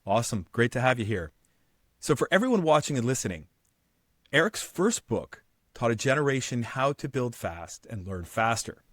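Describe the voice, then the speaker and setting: A man's voice: medium pitch, very animated, normal speed, no echo, clean studio sound. A male podcast host giving an upbeat, polished show intro and asking interview questions.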